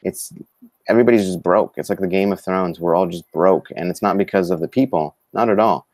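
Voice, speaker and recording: A man co-hosting a live-streamed talk show, speaking in a halting way with many fillers and restarts. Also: sits low, darkish tone, no echo. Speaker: co-host. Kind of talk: live-streamed casual discussion.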